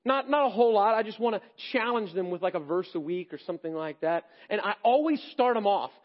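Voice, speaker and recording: A male pastor preaching a sermon, animated and swinging between loud and hushed delivery. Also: high-pitched, fast, highs cut off.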